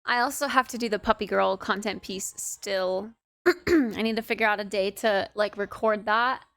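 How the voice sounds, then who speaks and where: A young woman livestreamer chatting casually with her viewers from her apartment, playful and cutesy, drowsy and relaxed. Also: medium pitch, normal speed, no echo. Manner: cutesy, playful baby talk. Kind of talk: casual chat with stream viewers.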